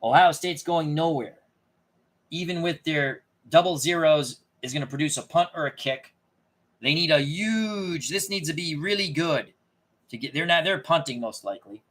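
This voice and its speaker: A man's voice: on the high side, animated, moderate pace, a bit bright. A man casually thinking aloud as he plays a tabletop dice game, often muttering and correcting himself. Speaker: tabletop game player and channel host.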